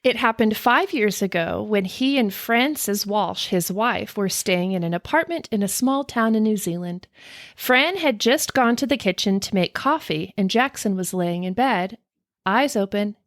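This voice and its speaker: A woman co-hosting a podcast, chatting casually and reading a ghost story aloud with dramatic hushed stretches. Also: medium pitch, expressive, a little slow, no echo, clean studio sound. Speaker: podcast co-host.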